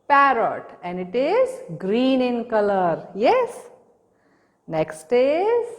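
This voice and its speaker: A woman's voice: on the high side, in a large hall. A woman teaching a recorded lesson to small children, patiently asking questions and repeating the answers. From India. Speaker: preschool teacher.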